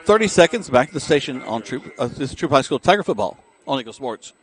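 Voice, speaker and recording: A man giving quick, dry play-by-play of a high school football game for radio, from outdoors at a stadium. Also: big pitch swings. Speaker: play-by-play announcer.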